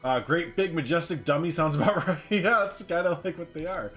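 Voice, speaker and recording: Man, game streamer, casual live chat, joking, lively pitch, faint music behind. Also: fairly quick, hardly any pauses. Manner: animated, joking, laughs often.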